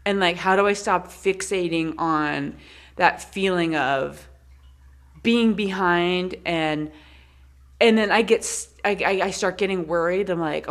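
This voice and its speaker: A woman's voice: lowish voice, normal speed. A woman co-hosting a podcast, chatting in a rambling, candid way, full of "like" and quoting her own thoughts. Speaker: podcast co-host. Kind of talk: casual chat.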